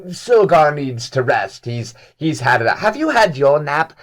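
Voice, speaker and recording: A man's voice: on the high side, sing-song, unhurried. A man doing a stammering, fawning fish-tank attendant. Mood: flustered. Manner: sputtering, stammering, eager.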